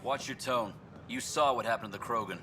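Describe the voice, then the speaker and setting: A man plays a haughty station bureaucrat in a video game who scolds and dismisses anyone asking for help. His voice is bright and forceful, his delivery clipped and cold. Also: medium pitch, a little fast, a little hiss or hum, natural voice. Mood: contemptuous. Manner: curt, condescending, scolding. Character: arrogant dismissive male station official.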